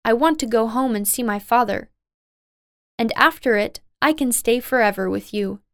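Storybook heroine, young woman, honest and kind, a woman reading; crisp, dry, unhurried. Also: on the high side, dry recording, natural voice. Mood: earnest. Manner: slow, simple, plainly spoken lines.

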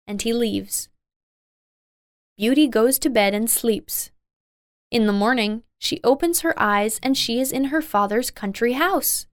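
A woman narrating a simple storybook in a slow, plain, even way. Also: fairly high pitch, dry recording, studio quality. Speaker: reader.

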